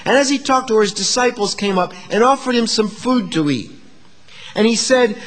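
A man preaching a sermon in a high, lively voice that jumps across a wide range. He drops to a hush and then climbs to emphatic declarations. His words ring out with a long echo in a big sanctuary. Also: normal speed. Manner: dynamic preaching, swings from hushed to emphatic. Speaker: pastor.

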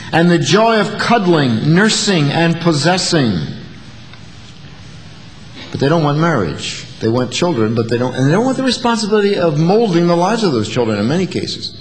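A man preaching a sermon to his congregation, telling stories with a wry, folksy touch. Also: a little high. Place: church sanctuary. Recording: long hall reverb.

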